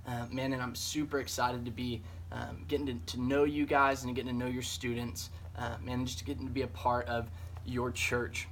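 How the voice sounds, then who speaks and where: A man, a church's junior high director, giving a casual devotional talk, earnest and full of fillers like "man" and "um". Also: flat delivery, normal speed, a bit bright, a little hiss or hum.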